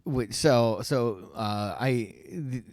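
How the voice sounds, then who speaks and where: A man's voice: medium pitch, extremely slow, darkish tone. A man co-hosting a podcast in casual chat, hesitant and stammering, mostly agreeing. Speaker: podcast co-host.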